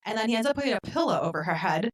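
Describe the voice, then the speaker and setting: A woman co-hosting a podcast, retelling a film in casual chat and acting out the characters' lines with lively swings. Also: on the high side, racing. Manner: animated retelling, acts out quotes. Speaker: podcast co-host. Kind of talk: casual movie recap chat.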